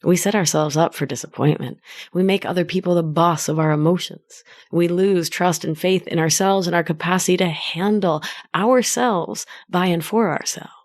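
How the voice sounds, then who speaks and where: A woman life coach speaks alone on her podcast, gentle and affectionate as she guides her listeners. Her voice sits a little low for a woman. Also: normal speed. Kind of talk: solo podcast monologue.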